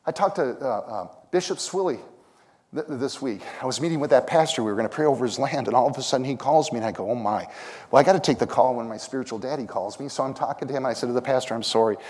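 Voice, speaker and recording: A man preaching a sermon, telling stories, singing lines of worship songs and building to shouted calls. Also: medium pitch, rapid-fire. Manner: storytelling, sings lines of songs, rises to shouts. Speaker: pastor. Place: church sanctuary. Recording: long hall reverb.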